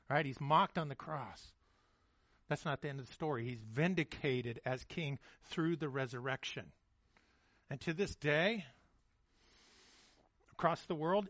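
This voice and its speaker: Casual, fairly high-voiced male preacher. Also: measured pace, long pauses, fairly bright tone, dry recording, muffled recording. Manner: casual, repeats words as he restarts, checks in with "okay?" and "right?". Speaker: pastor. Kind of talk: conversational sermon.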